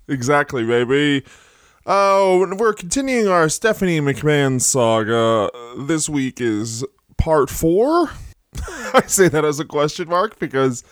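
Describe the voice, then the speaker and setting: Man, comedy podcast co-host, giggly, slow drawl, swooping pitch, smooth clear voice. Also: dry recording, studio quality. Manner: giggly, drawling crude jokes. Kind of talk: casual comedy podcast banter.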